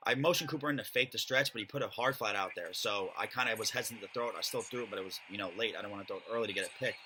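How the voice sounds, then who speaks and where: A young man talks quickly through a replay of his own match, loose and full of fillers. His voice sits low but sounds bright and forward. A faint hum runs under it. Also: low-quality recording. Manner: casual, rambling, filler-heavy. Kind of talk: voice-over game commentary.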